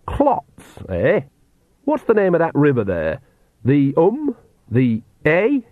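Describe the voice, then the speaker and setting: A man's voice: on the high side, huge pitch swings, dry recording, pitched above the performer's own voice, exaggerated voice. A man voicing a cheerful, shrewd old countrywoman witch with a folksy rustic way of talking. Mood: sly. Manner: rustic folksy dialect, brisk and bossy. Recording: tinny phone-like dry sound.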